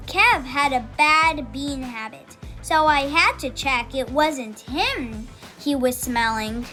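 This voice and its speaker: A woman narrating a children's storybook in an animated, playful manner. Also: high voice, slow pace, faint music behind. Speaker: audiobook narrator.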